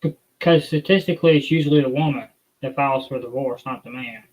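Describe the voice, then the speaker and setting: A man's voice: medium pitch, brisk, darkish tone, husky. A man joining an online panel through his camera microphone, hesitantly summing up what others argue. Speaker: panel guest. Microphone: camera mic. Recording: dull camera mic from far.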